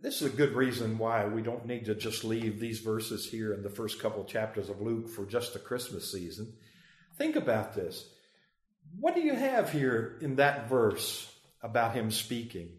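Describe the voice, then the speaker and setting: A man leading a Bible study, emphatic, slowing down to stress key phrases, chuckling often and putting questions to the group. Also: fairly low pitch, expressive, echoey room. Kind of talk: interactive Bible study teaching.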